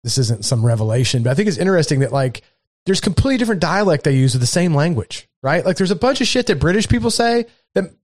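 A man's voice: a little high, very animated, fast, no room sound, studio quality. A man with a Southern US accent, talking enthusiastically in a casual podcast chat and swearing a lot. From southern United States. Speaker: podcast co-host.

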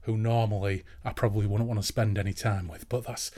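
A man's voice: on the low side, steady tone, fairly quick, warm tone. Man, podcast host, rambling, casual interview chat. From Hull, East Yorkshire, England. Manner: chatty, rambling into tangents.

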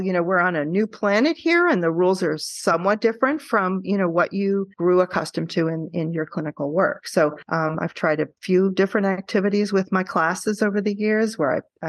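A woman who teaches qualitative research, guesting on a podcast and telling stories in an animated way, often checking in with "right?". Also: lowish voice, no room sound. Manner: animated storytelling, frequent tag questions.

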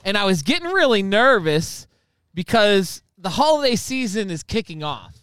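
High-voiced, lively podcast host. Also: male voice, normal speed, clean tone, no room sound. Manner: joking, swears freely. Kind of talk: casual podcast banter.

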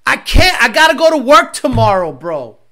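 A man mocking a stubborn working guy who makes whiny excuses in a raised, louder voice. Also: very high-pitched, sing-song, moderate pace, full character voice. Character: dim stubborn working guy, male adult.

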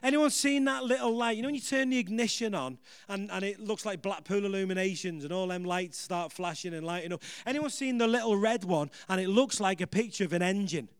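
A man preaching a sermon, energetic and rousing, building up to shouts and laughing at himself along the way. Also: high voice, fairly quick, few pauses, clean tone, dry recording. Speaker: pastor.

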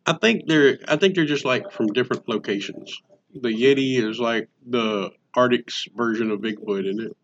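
A man's voice: medium pitch, normal speed, a little hiss or hum. A man hosting a podcast, joking and rambling in casual chat. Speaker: podcast host. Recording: dull lo-fi sound.

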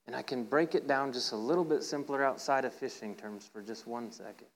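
A man's voice: fairly quick, rough recording. Playful, conversational male preacher. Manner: playful storytelling, acts out voices with rising pitch; conversational, asks "right?" often. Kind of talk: informal sermon.

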